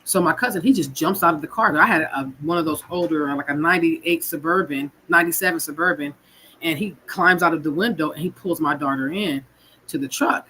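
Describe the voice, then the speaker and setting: A woman's voice: sits low, brisk, sharp tone, a little hiss or hum, rough recording. A woman from California telling her own story in a raw, frank, emotional way, swearing and repeating her words. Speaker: guest sharing her story. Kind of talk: personal storytelling.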